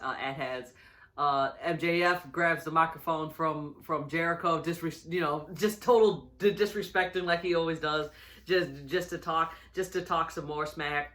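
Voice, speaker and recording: A bright, forward voice belongs to a casual reviewer talking through a wrestling episode. The delivery rambles, full of fillers, restarts and small chuckles, at a middling pitch.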